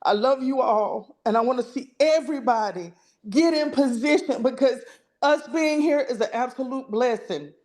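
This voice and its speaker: A woman's voice: high-pitched, normal speed, a little mellow. A woman hosting an online meeting, giving fervent, churchy remarks and calling her audience y'all over a video call. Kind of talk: emotional closing remarks to a group.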